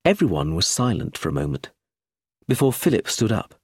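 Husky man, story narration, expressive rising and falling delivery. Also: fairly low pitch, moderate pace, no room sound, clean studio sound. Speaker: audiobook narrator.

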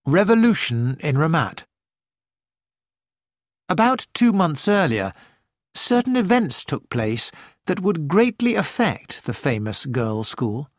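A man reading an audiobook in a measured, deliberate storytelling manner. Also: on the high side, no room sound, clean studio sound. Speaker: audiobook narrator. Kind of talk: scripted narration.

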